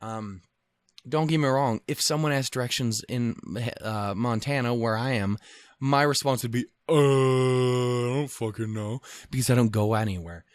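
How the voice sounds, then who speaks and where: Male solo podcaster, mid-pitched, loose and profane storyteller, dead-dry studio sound. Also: moderate pace, no room sound. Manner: rambling, profane, self-deprecating. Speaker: podcast host. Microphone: podcast microphone.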